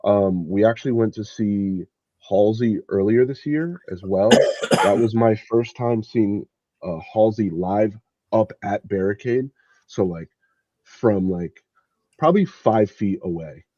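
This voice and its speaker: A man's voice: fairly low pitch, a little slow, mellow, no echo. A young man co-hosting a podcast in casual chat, laid-back and filling his talk with "like". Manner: laid-back, many filler likes. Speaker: podcast co-host. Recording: dull dry lo-fi mic.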